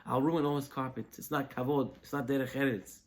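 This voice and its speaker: A man's voice: mid-range voice, steady tone, brisk, natural voice. A man voicing a humble elderly rabbi who speaks hesitantly and apologetically. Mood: apologetic.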